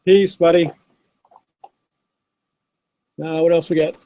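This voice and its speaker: Speaking at a measured pace with a flat delivery, this middle-aged man has a voice on the high side. He's the host of a live sports card stream, chatting casually from his home desk and greeting viewers by name. His laptop's built-in camera mic records dull, dry audio with no room sound.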